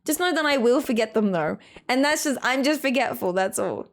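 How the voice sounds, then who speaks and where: Young aussie girl streaming, rambly chatter w lots of "like", kinda high voice. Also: animated. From Australia. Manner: chatty, rambling, filler "like" in every sentence, quick to laugh. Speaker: game streamer. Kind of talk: casual chat reading out chat messages.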